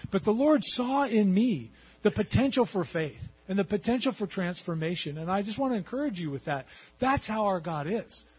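A middle-aged man recounts his faith testimony in a slightly high, husky voice. He talks in a loose, halting way, full of fillers and restarts. The sound is dull and lo-fi. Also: lively intonation. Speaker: Christian testimony speaker. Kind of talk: personal testimony.

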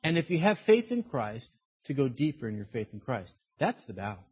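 Very animated and fairly quick, a male pastor preaches with a breathy edge, conversational yet emphatic. He sinks low and quiet for serious moments, captured on a dull, lo-fi recording.

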